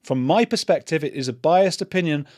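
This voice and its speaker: A man's voice: on the high side, a little fast, a little mellow, no room sound, studio quality. A middle-aged man hosting his own channel, giving earnest spoken commentary and thinking aloud with restarts. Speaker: channel host. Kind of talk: casual commentary to camera.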